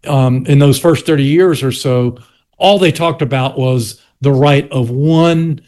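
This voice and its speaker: A man's voice: mid-range voice, a little slow, a little mellow. An older man from South Carolina with a Southern US accent, a history teacher explaining his argument in an interview with restarts and pointed asides.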